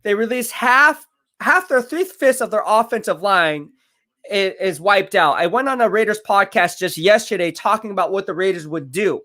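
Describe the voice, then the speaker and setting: A man hosting a live stream, giving casual commentary, boastful and laughing often, with quick bursts of excitement. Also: high-pitched, dry recording, clean studio sound.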